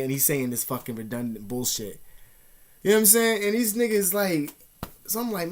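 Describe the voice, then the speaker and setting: A young man vlogging, telling a personal story in a casual, profane, animated way with street slang and frequent asides. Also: a little high, fairly quick.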